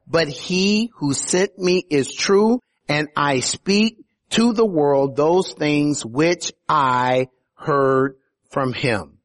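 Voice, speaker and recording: A man preaching a sermon as pastor, building to emphatic peaks on key phrases. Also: on the high side.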